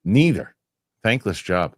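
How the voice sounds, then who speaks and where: A low-voiced man hosts a live talk show and reads viewer comments aloud, one after another. He rambles and restarts his sentences, and he gets heated over small pet peeves. The sound is dry and close, with no room in it. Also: sing-song, slow pace, breathy edge, no echo. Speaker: show host.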